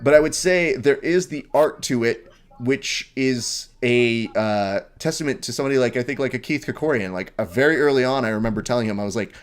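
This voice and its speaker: A man hosts a casual live stream and tells stories with animated energy. He swears freely and talks in a loose, conversational way. His voice sits at an ordinary middle pitch. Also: a little fast, clean tone. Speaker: host.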